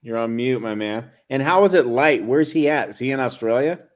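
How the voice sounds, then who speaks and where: A man hosting a live video call discussion, assertive and quick to cut in. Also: mid-range voice, expressive. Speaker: host.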